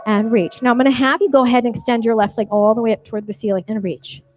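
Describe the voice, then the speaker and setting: A woman's voice: a little high, steady tone, fast talker, poor audio. Upbeat woman cueing a workout. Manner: encouraging, counting reps, cheerful whoops. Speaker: fitness instructor. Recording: music playing behind. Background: workout music.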